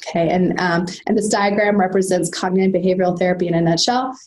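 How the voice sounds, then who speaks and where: A woman's voice: on the low side, steady tone, quick pace, darkish tone, low-quality recording. A woman giving a recorded slide lecture on trauma and resilience, with frequent fillers and restarts. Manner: hesitant, many fillers and restarts. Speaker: presenter at a telehealth training.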